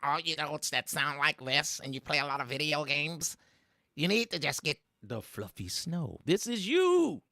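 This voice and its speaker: A man's voice: fairly high pitch, moderate pace, gravelly, sharp tone, no echo, clean studio sound. A man hosting a casual commentary show, mocking and teasing his audience in slangy speech. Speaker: host.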